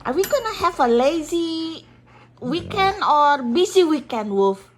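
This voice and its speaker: A woman's voice: high-pitched, big pitch swings, unhurried. A young woman chatting casually with her dog, coaxing it with frequent laughs. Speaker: dog owner. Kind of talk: casual chat with her pet.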